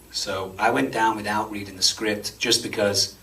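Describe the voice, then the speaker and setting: A man, an actor answering audience questions after a screening, chatty and self-deprecating and quick to laugh. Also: on the low side, steady tone, sharp tone. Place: cinema auditorium before an audience. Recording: distant mic with faint room noise.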